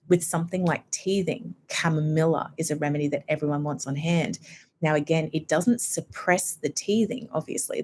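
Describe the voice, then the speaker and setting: A woman's voice: sits low, darkish tone. A woman, a homeopath guest chatting on a podcast and explaining things in an easy, conversational way. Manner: chatty, explanatory, acts out quoted people. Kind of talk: casual podcast interview.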